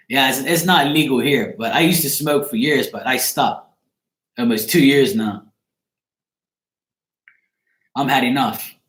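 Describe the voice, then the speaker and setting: A man's voice: medium pitch, normal speed, a bit bright, roomy sound. A man with a Bermudian accent, a tarot reader chatting casually on a live stream, greeting viewers by name and swearing freely.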